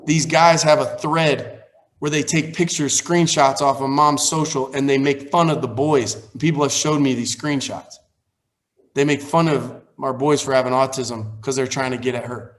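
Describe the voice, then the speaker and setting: A man's voice: on the high side, moderate pace. A man in his forties, a pastor, telling a personal story on a call in a candid, conversational way that turns heated. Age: 40s. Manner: candid, grows heated and animated while recounting. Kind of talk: casual storytelling on a training call.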